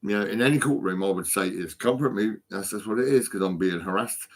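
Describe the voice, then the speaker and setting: A man's voice: lowish voice, brisk. A stoned man rambling and swearing constantly into his phone for a vlog. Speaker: vlogger.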